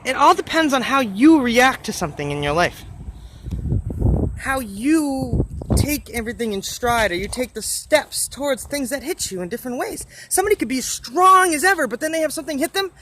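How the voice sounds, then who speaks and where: A man's voice: extremely high pitch, animated, moderate pace, sharp tone, a little hiss or hum. A man telling a motivational story on a vlog, rambling and earnest, with lots of fillers along the way. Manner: earnest, encouraging. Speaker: motivational vlogger.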